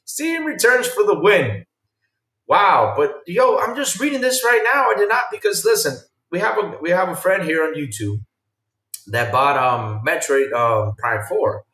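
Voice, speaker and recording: A man hosting a casual live-streamed podcast, reacting with loud exclamations and reading viewer chat aloud. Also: medium pitch, animated, normal speed, echoey room, recorded from a distance.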